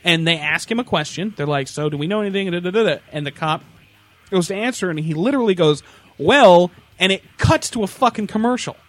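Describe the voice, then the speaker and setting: A man's voice: high-pitched, fast talker, no echo. A man casually ranting and telling stories on a podcast, full of swearing. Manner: animated, swearing storyteller. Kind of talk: casual profane rant.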